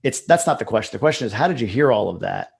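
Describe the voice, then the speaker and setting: A man with a gravelly, slightly creaky voice hosts a casual interview. He rambles a little and restarts his sentences as he hands questions to his guest. His pitch sits right in the middle for a man. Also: lively intonation, quick pace. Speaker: host.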